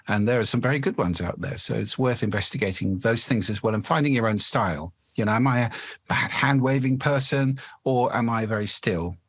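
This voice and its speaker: A male speaking coach with a mid-range, somewhat bright voice talks fairly quickly as a podcast guest. He explains things demonstratively, shifting his resonance to show how it changes the voice.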